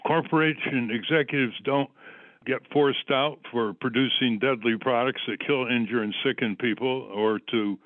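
Man, radio talk show host, emphatic, point-by-point argument, tinny phone-line sound, mid pitch. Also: fairly even intonation, moderate pace, no room sound. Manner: argues in numbered points, emphatic.

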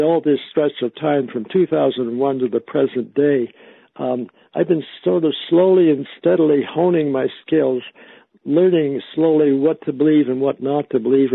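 Male interview guest on the phone: gravelly, halting, dry narrow phone sound. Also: mid-range voice, no room sound. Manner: halting, with many fillers and restarts. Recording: tinny phone line.

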